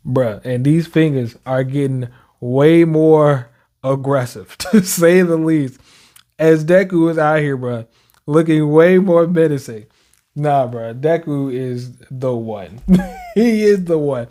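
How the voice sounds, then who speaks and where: Brief: young adult man, manga reaction commentator, animated slangy delivery, slightly high-pitched. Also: takes it slowly. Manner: animated, reads panels aloud with slang and laughs.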